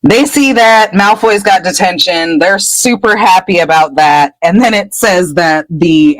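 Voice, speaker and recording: A woman's voice: lowish voice, unhurried, hardly any pauses, no echo, low-quality recording. A woman podcast host casually recapping a book chapter, laughing and popping into character voices. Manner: animated, laughing storyteller.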